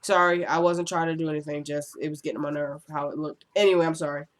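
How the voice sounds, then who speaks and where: A woman casually recapping a TV episode for her channel, chatty and digressive, getting animated when she gives her opinions. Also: deep voice, quick pace. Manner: chatty and digressive, often says "you know what I'm saying".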